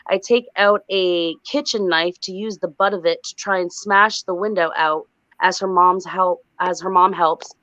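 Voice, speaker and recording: A woman recounting a frightening dream as a guest on a livestream, animated and breathless. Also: fairly low pitch, a little slow, no echo. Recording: dull lo-fi sound.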